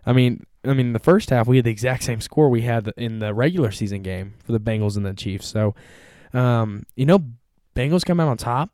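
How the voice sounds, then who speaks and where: A young man hosting a casual sports talk show, energetic and rambling, with many fillers and restarts. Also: mid-range voice, brisk, smooth, no room sound, studio quality. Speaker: podcast host.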